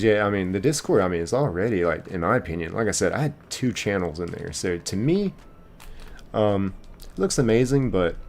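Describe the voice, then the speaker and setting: A man's voice: deep voice, slight background noise. A man streaming a game live, reading chat aloud and rambling casually with lots of fillers and restarts.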